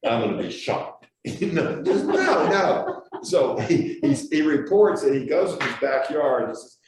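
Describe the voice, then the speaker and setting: A man's voice: on the high side, animated, unhurried, a little mellow. Guy teaching sunday school, chatty storyteller, laughs a lot, mic way off in a super echoey room. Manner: chatty, storytelling, laughs often, repeats words. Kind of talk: casual classroom teaching. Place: church classroom. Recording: echoey room, far from mic, faint hiss.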